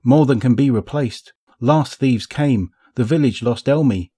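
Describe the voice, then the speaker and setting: A desperate, frightened villager begs in broken English, his thick accent colouring every halting phrase as a man voices him. The voice is raised and anxious above the reader's usual low tone. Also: lively intonation, a little mellow. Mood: pleading. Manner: pleading, halting.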